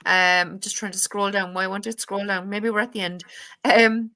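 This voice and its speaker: A woman's voice: mid-range voice, fairly even intonation, moderate pace, sharp tone. A woman hosting a casual live stream, reading out viewer comments and chatting. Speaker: host.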